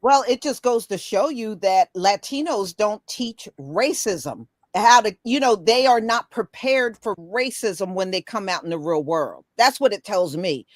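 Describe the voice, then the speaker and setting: A woman's voice: medium pitch, expressive, a little slow, hardly any pauses, no echo, clean studio sound. A woman hosting a casual opinion talk, blunt and emphatic, swearing freely. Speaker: host.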